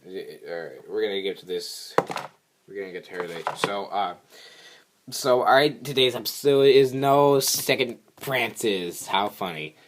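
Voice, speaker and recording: A man's voice: animated, unhurried, noisy background. A young man, a regular vlogger, recapping a cartoon episode in a rambling, filler-heavy way. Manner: rambling, filler-heavy, squeaky voices for quotes.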